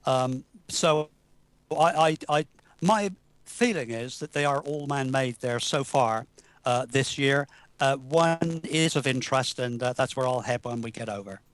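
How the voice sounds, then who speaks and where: A man speaking as a guest on a live online talk show, earnest and halting, often restarting his sentences. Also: mid-range voice, no room sound. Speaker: guest researcher. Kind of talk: casual talk show chat.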